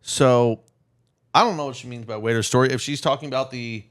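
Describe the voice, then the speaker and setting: A man's voice: medium pitch, brisk. A man on a casual podcast, answering listener questions in a rambling, offhand way with plenty of swearing. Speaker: podcast co-host.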